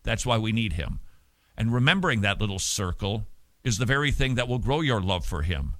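A man hosting a radio show, preaching with emphatic stresses and sudden loud words. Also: lowish voice, expressive, a little fast, no echo. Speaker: radio host.

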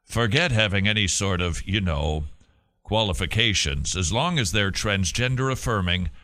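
A male talk radio host with a strikingly bright, forward voice. He reads out news stories and cuts in with sarcastic, animated remarks. His delivery keeps a lively, mocking edge throughout. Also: on the low side. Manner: sarcastic, animated, quick to laugh.

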